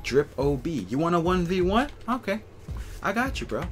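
A young man ranting and swearing over a video game, swinging between yelling and low muttering. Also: very animated, moderate pace, heavy background noise. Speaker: gaming YouTuber. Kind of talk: angry gameplay commentary.

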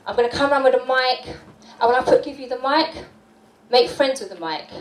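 A woman's voice: high-pitched, fairly quick. Woman hosting an event in an echoey hall. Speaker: host. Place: community hall. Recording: echoey hall, distant mic.

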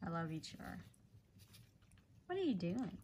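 A woman's voice: on the low side, big pitch swings, unhurried, darkish tone, a little hiss or hum. A woman at home talking to her pet parrot in cooing, sing-song baby talk. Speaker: pet owner.

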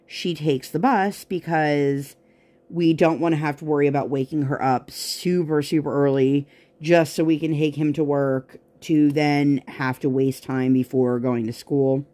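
A woman's voice: low voice, fairly even intonation, unhurried, warm tone. A woman vlogger chatting casually while she works on a craft project at home, rambling through tangents with plenty of fillers.

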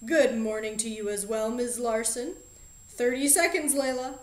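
A woman plays a genial, eccentric middle-aged magic shop owner and father in an audiobook, fussy and politely formal, with a lilting voice pitched fairly high. The reading rings in a roomy, echoey space. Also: fairly even intonation, unhurried, natural voice.

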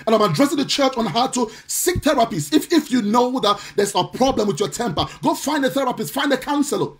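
A man with a very high voice preaches on a live stream. He is forceful and indignant, hammering his points again and again, and now and then he lapses into a sing-song cadence. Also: animated, a little fast. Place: home or church, streaming live.

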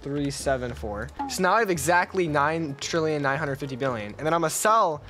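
A young man giving excited commentary on his gameplay as a YouTuber, laughing and exclaiming often. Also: a little high, a little fast, background noise. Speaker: gaming YouTuber.

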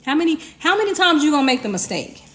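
A woman's voice: sits high, very animated, quick pace, fairly bright tone. A woman giving an informal, emphatic sermon, talking conversationally with slang and repeated commands. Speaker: preacher.

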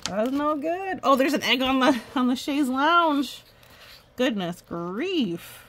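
A woman's voice: sits high, expressive, takes it slowly, a bit bright, a little hiss or hum. A woman reading a children's picture book aloud, chatting and delighting over the illustrations. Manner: chatty, amused, commenting on pictures. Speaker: storybook reader.

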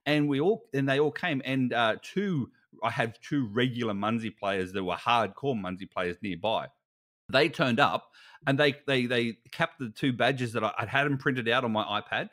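A man's voice: mid-range voice, normal speed, fairly bright tone. A man co-hosting a podcast in casual chat, playful and teasing, laughing often as he tells stories. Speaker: podcast co-host.

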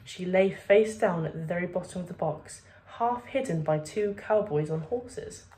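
Brief: woman reader, lowish voice, expressive storybook read-aloud. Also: moderate pace.

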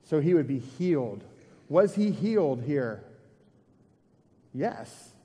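A man's voice: a little high, sing-song, slow pace, warm tone, breathy edge, in a large hall. A man preaching a sermon to a church congregation in a conversational way, asking questions and repeating his points. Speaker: pastor.

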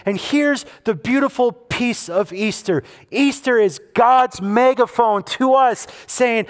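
High-voiced pastor preaching conversationally. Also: male voice, a little slow, few pauses. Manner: conversational preaching with emphatic repetition. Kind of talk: sermon. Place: church service.

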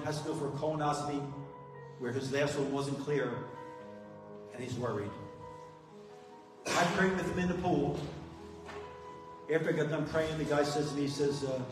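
A man's voice: mid-range voice, distant mic. Earnest man in an echoey hall. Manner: plain-spoken, earnest storytelling. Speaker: guest speaker at a recovery meeting. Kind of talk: testimony speech. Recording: echoey hall from afar with music.

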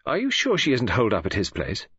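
Man playing a brisk, disapproving young woman. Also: mid-range voice, wildly swooping pitch, fairly bright tone, husky, no echo, voice pushed up, full character voice. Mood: demanding. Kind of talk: audiobook character reading. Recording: dull lo-fi audio.

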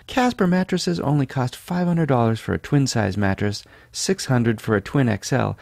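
A man from California, a podcast host, reads a sponsor ad in a sleepy, deadpan, self-mocking way full of asides. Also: mid-range voice, moderate pace, creaky, no room sound, clean studio sound. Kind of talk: jokey ad read.

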